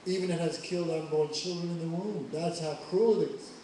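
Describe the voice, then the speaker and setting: A man voicing a furious, proud male warrior sage who shouts and boasts, picked up from far off in an echoey hall. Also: on the high side, fairly quick, a little hiss or hum, lightly acted.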